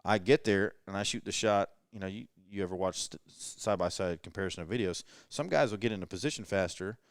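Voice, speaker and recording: A man with a lowish voice talks through his ideas in a loose, rambling way during a late-night podcast chat. He is indoors at a rental house, and the sound is close and dry with no room echo. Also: fast talker. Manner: rambling, thinks aloud with fillers. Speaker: podcast host.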